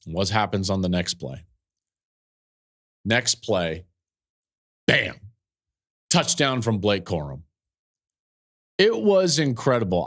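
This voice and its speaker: A man in his forties hosting a sports podcast, telling a game story with animated, emphatic energy and frequent restarts. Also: on the low side, slow pace, long pauses. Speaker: podcast host and football analyst. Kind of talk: casual sports podcast talk.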